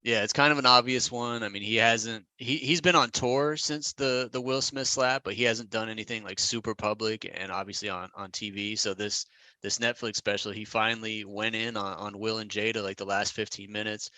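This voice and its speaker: A man co-hosting a podcast over a video call, talking in a relaxed, advising way with frequent restarts. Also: lowish voice, normal speed, no echo. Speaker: podcast co-host. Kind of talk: casual podcast chat. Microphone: recorded over a video call.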